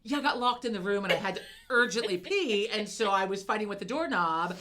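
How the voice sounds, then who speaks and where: A middle-aged woman co-hosting a podcast, telling a story in casual chat, animated, swearing freely and laughing as she goes. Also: mid-range voice, a little fast, slight background noise. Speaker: podcast co-host.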